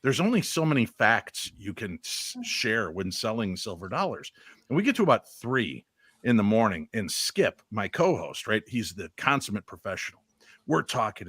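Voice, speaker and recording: A man telling a story on a casual podcast, deadpan and matter-of-fact. The recording is dry and close, with no room sound. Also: fairly low pitch, breathy edge, dry recording.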